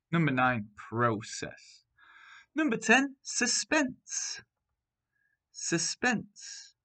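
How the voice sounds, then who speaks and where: A man's voice: fairly high pitch, pushed and bright. A man teaching primary school, reading out a spelling test word by word with example sentences. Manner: clear, deliberate word-by-word dictation with example sentences.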